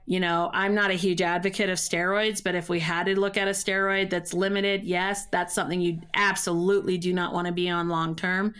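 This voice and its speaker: A woman's voice: lowish voice, level tone, fairly quick, hardly any pauses, fairly bright tone, clear, resonant tone. A middle-aged woman, a vocal coach, explaining voice care in a podcast interview. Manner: explanatory, uses running metaphors.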